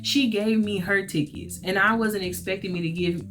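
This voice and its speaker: A woman's voice: mid-range voice, steady tone, normal speed, fairly bright tone, soft background music. A woman vlogger telling a story in a casual, chatty way, often talking straight to her listeners. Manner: chatty, emphatic, addresses listeners as y'all.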